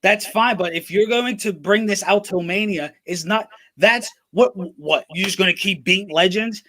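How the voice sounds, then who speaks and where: A man's voice: high-pitched, moderate pace, bright, forceful tone. A man co-hosting a sports talk show, making emphatic points and repeating them for force. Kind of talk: casual debate.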